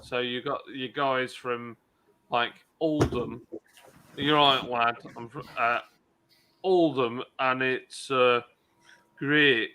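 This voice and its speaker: Slow, very bright man. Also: mid-range voice, steady tone. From England. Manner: rambling, mimics regional accents. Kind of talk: casual chat.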